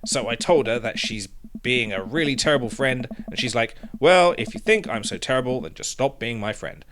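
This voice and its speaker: A man voicing an upset teenage girl hurt by her friends, reading game dialogue aloud in a low-key, deflated way. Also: expressive, normal speed, a bit bright, a little hiss or hum, natural voice.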